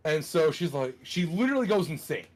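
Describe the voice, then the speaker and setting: A man in a casual podcast chat, retelling a plot in an animated, profane way, with many fillers. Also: on the high side, brisk.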